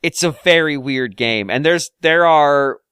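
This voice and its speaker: Smooth-voiced man in casual podcast chat. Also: on the high side, a little slow, a bit bright, no room sound, studio quality. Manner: rambling, many fillers and restarts. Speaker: podcast co-host.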